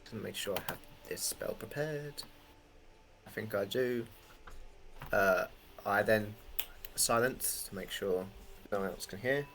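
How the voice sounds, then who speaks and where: A man's voice: lowish voice, unhurried, pauses often, a bit bright. Casual, cursing man playing a tabletop game. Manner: casual, swearing. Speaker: player. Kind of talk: tabletop role-play.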